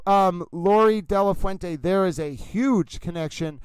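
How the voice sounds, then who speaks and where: A man hosting a livestream, chatting in a silly, theatrical, rambling way and often calling out to "ladies and gentlemen". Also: high voice, unhurried, hardly any pauses, clear, resonant tone, dry recording, poor audio. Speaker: livestream host. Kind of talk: playful livestream chat.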